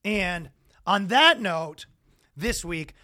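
A man's voice: high-pitched, drawn-out words, no room sound, studio quality. A man in his thirties co-hosting a podcast in casual, rambling, profane chat. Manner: rambling, profane, animated with loud impressions. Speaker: podcast co-host.

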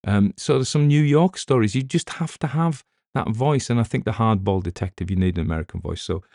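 A man's voice: fairly low pitch, a little fast, gravelly, warm tone, no echo, studio quality. A middle-aged man with a British accent, an audiobook narrator rambling in casual chat with wry asides.

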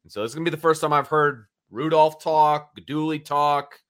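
A man's voice: a little high, steady tone, a little fast, fairly bright tone. A man co-hosting a sports podcast, chatting casually in a laid-back, joking way. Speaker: podcast co-host.

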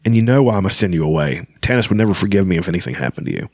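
Man voicing a stern knight, harsh, raised voice, low-pitched reader, dry close sound. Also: animated, rapid-fire, darkish tone, no echo. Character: stern, proud male knight.

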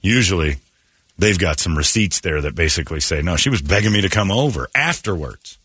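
Brash, lively male radio host. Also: deep voice, brisk, slightly rough, dry recording, clean studio sound. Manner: brash storytelling with mocking voices. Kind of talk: casual talk radio banter.

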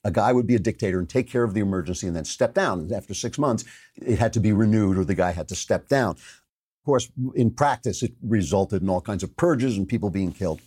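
A man's voice: fairly low pitch, expressive, fairly quick, darkish tone, slightly rough. A man hosting a political commentary show, delivering a sarcastic, mocking opinion monologue.

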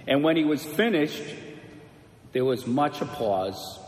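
A man preaching as a priest, telling a story in a slow, measured way before turning it into a lesson for his congregation. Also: a little high, expressive, a little hiss or hum. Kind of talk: sermon. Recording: echoey church with long reverb.

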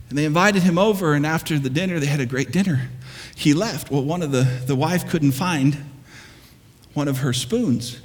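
High-voiced man preaching with fire. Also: husky. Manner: energetic, building to fired-up exclamations with humor. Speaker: pastor. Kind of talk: sermon. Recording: long reverb of a large hall.

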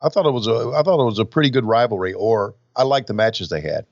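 An older man co-hosting a podcast, joking gruffly and swearing freely as he comments on old wrestling footage. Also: lowish voice, lively intonation, fast talker, a little mellow, dry recording, lo-fi sound. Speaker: podcast co-host.

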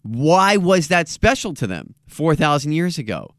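A man's voice: fairly high pitch, big pitch swings, measured pace, a bit bright, no echo, studio quality. A man hosting a podcast in casual chat, joking and stressing his points with emphasis. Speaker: podcast host.

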